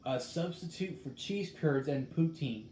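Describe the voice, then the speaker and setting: A man in casual talk, reading a recipe aloud and musing in a halting way as he thinks out loud. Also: fairly high pitch, lively intonation. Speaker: host. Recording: echoey room with faint background noise.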